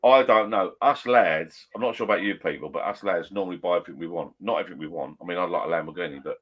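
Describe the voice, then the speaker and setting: A man's voice: low-pitched, fast, a bit bright. Rambling, chatty man. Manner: chatty, rambling, self-correcting. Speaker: vlogger chatting with live viewers. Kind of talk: casual pub chat. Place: garden shed bar at home.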